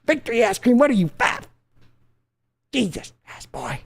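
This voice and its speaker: A man voicing a bossy, boastful older team owner who scolds his grown son, loud and drawling. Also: on the high side, animated, quick pace, natural voice. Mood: scolding.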